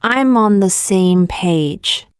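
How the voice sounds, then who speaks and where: A woman reading short example sentences one by one for English learners, in a slow, deliberate, evenly paced way. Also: mid-range voice, expressive, smooth, no room sound, studio quality. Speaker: English teacher.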